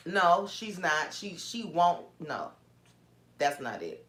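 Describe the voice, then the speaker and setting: A woman's voice: fairly low pitch, very animated, takes it slowly, fairly bright tone. A woman vlogger telling a story in a casual, indignant way, with many restarts. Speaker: small business owner vlogger. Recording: roomy echo.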